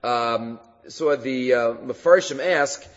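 Lecturing a Talmud class, this mid-range-voiced man speaks animatedly, raising his voice to play the rabbis he quotes. His delivery is halting, full of fillers and restarts, and the recording has a reverberant, dull lo-fi quality.

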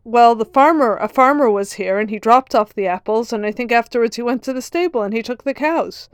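Hurried palace maid, quick and explaining, as a woman plays her. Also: on the high side, smooth, no room sound, clean studio sound, natural voice. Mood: flustered.

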